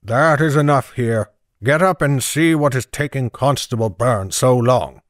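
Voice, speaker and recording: A man reading the part of a stern town constable in an audiobook, speaking in a grave, measured way. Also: mid-range voice, no room sound, studio quality, close to an everyday voice. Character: stern middle-aged male town constable.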